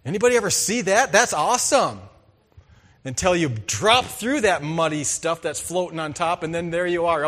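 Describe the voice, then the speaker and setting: A man preaching a sermon, reading scripture and telling farm stories, swinging between loud emphasis and hushed asides. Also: a little high. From farming background. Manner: storytelling, animated, shifts between loud and hushed. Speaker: pastor.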